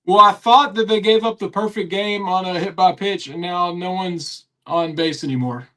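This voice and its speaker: A man with a notably high voice hosts a loose sports radio hangout. He rambles along, stumbling through fillers and restarts. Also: normal speed, pushed and bright. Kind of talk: casual sports chat.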